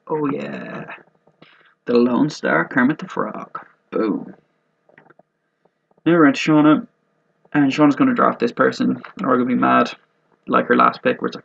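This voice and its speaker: A man's voice: mid-range voice, normal speed, vocal fry, fairly bright tone, slight background noise. A man hosting casual fantasy football commentary in a joking, rambling and profane way. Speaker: host of a fantasy football mock draft video. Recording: dull lo-fi recording.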